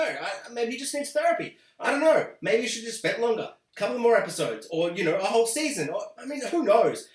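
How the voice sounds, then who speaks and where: A young man hosting a ranting video review, sarcastic and animated. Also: high voice. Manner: sarcastic, animated, mocking quoted voices. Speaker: host. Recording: echoey room.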